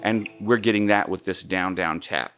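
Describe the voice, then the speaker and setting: Low-voiced man teaching guitar. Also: normal speed, a bit bright, clear, resonant tone. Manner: easygoing, counts strums aloud, sings snatches of melody. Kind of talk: guitar lesson. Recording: guitar playing under the voice.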